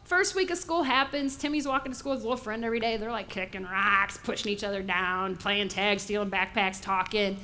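A woman pastor preaching a sermon, lively and theatrical, acting out little voices as she tells stories. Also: medium pitch, fairly quick, hardly any pauses, slight background noise. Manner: animated preaching, acts out voices in asides.

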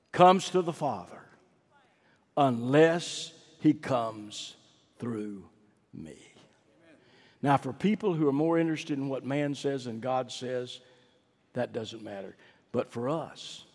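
A man preaching a sermon in a church, swinging from emphatic, drawn-out peaks to low, hushed asides. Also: long reverb tail. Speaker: pastor.

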